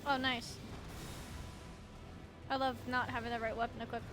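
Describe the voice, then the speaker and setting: A woman's voice: on the high side, little pitch movement, moderate pace, music in the background. A woman from Canada, chatting casually with her viewers during a live game stream and swearing freely. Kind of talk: live gaming stream chat.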